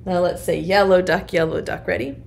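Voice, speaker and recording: A woman's voice: lowish voice, fairly even intonation, fairly quick, vocal fry. A woman, a preschool teacher, leading an online circle time and reading a rhyming picture book to small children in a sing-song voice.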